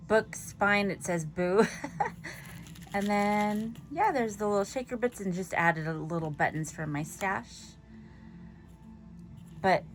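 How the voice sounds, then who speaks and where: A woman's voice: medium pitch, a little hiss or hum. A woman vlogger casually chatting as she shows off her handmade craft tags, giggly and self-deprecating. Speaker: papercraft vlogger. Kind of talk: casual show-and-tell chat.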